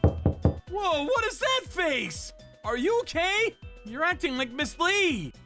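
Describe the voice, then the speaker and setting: A woman's voice: very high voice, sing-song, takes it slowly, pushed and bright, soft background music, heavily acted. A woman voicing a blunt young female private investigator who teases her friend. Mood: teasing. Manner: brash and teasing.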